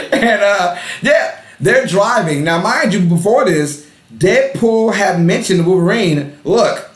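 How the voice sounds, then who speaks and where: A man co-hosting a casual movie review podcast, animated and laughing often, repeating himself for emphasis. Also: high-pitched, takes it slowly, echoey room. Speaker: podcast co-host.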